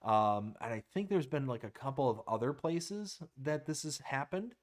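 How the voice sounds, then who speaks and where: A man's voice: mid-range voice, expressive, normal speed. A man hosting a live stream in casual chat, reading viewer comments aloud and laughing easily. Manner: easygoing, laughs often, reads chat aloud.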